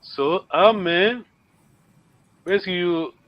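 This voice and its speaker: High-voiced man teaching a language lesson. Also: slow pace, no echo, highs cut off. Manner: patient, checks understanding with repeated "yes?".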